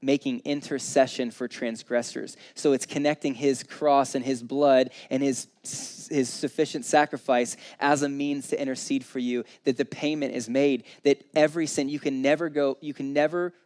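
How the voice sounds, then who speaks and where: A man's voice: medium pitch, steady tone, normal speed, darkish tone. A man in his thirties preaching an informal, earnest sermon, counting through his points and acting out quotes in a conversational way. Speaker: pastor.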